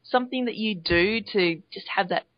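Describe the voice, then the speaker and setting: A woman's voice: medium pitch, normal speed, no room sound. Enthusiastic woman podcast host, playful, lo-fi sound. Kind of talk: conversational interview.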